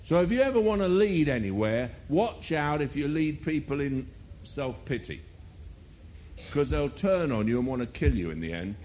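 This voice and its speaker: Animated, lively preaching man. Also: on the high side, moderate pace, slight background noise. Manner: animated, rhetorical questions, mocking asides. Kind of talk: sermon.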